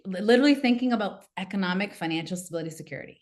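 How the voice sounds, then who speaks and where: A woman, a coach and podcast guest, telling a personal story in a lively way and acting out what her family said. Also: mid-range voice, racing, few pauses. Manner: animated, acts out quoted family members. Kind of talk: casual interview storytelling.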